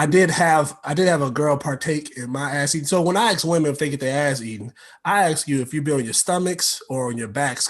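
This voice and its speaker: Rambling slangy young man doing stand-up. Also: a little high. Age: young adult. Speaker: stand-up comedian. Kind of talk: stand-up set.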